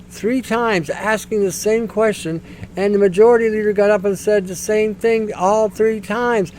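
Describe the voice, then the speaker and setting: A man's voice: high voice, steady tone, moderate pace, darkish tone, a little hiss or hum, rough recording. A man hosting a podcast, speaking bluntly and scornfully in an opinionated rant. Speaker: podcast host.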